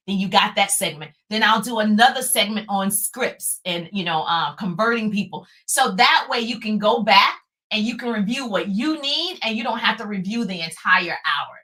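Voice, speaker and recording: A high-pitched woman with a bright, ringing voice coaches her viewers live on a stream. She talks with hyped-up energy, cheering people on and laughing often. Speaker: sales coach.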